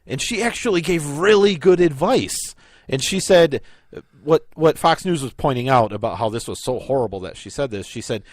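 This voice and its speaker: A man's voice: medium pitch, expressive, normal speed, no echo. A man co-hosting a podcast, chatting casually and making opinionated, pedantic points. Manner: opinionated, calls himself a pedant. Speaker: podcast co-host. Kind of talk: casual chat.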